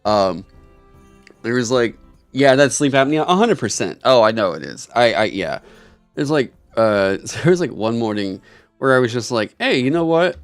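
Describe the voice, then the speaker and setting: A man's voice: medium pitch, expressive, normal speed, soft background music. A young man rambling and laughing through a casual podcast chat, swearing often. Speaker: podcast host.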